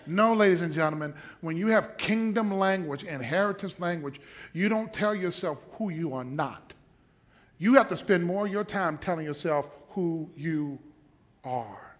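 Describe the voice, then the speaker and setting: High-voiced man preaching with rising shouts. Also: lively intonation, a little slow. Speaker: pastor. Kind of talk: sermon. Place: church.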